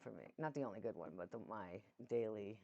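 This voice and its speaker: A woman from Massachusetts co-hosts a podcast in a rambling, easygoing way, laughing often. Her voice has a gravelly, fried edge. The recording sounds dull and lo-fi. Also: extremely low pitch, animated, fairly quick, dark tone. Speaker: podcast co-host. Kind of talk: casual chat.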